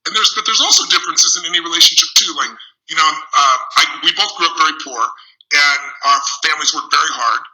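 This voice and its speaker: A man co-hosting a live stream on relationships, telling lively stories and acting out what people said. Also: fairly high pitch, fast, rough recording. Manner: animated storyteller who acts out quotes. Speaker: co-host answering relationship questions. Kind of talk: casual live-stream chat, storytelling.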